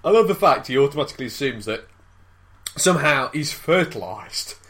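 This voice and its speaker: A man's voice: medium pitch, lively intonation, a little fast, a bit bright. A man co-hosting a casual podcast, incredulous and teasing, swearing freely. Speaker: podcast co-host.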